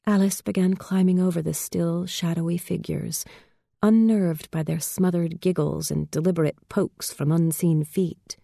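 Slow, dark-voiced woman narrator. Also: lowish voice, steady tone, gravelly, no echo, studio quality. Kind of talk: scripted storybook narration.

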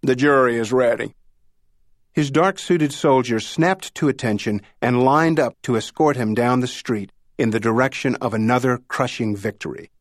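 In clean, dry studio audio, an audiobook narrator reads a novel aloud from script. He has a mid-range voice and keeps a measured, storytelling pace.

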